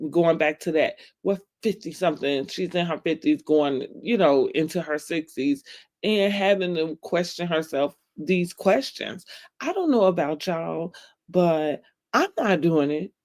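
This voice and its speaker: A woman vlogger giving a casual, opinionated recap of a TV episode, talking straight to her viewers and laughing often. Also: on the low side.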